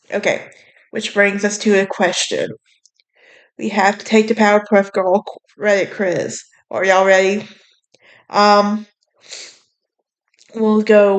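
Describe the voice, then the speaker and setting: A woman's voice: mid-range voice, steady tone, takes it slowly, pauses often, clear, resonant tone. Chatty young woman with a Southern lilt. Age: young adult. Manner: chatty, sassy, bubbly with frequent fillers. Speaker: podcast host. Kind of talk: casual chat.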